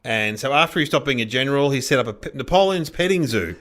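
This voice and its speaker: Riffing man with animated pitch. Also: quick pace. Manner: silly, riffing, laughing theories. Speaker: podcast co-host. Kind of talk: casual comedic chat.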